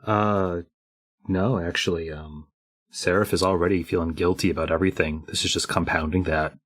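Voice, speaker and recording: Deep husky guy playing a tabletop game, talks through his moves casually. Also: steady tone, normal speed, a bit bright. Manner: thinking aloud, hesitant fillers. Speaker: player.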